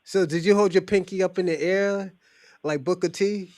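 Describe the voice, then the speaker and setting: A man's voice: high-pitched, fairly even intonation, moderate pace, darkish tone, no echo. A male host in casual chat, loose and joking, laughing often and using street slang.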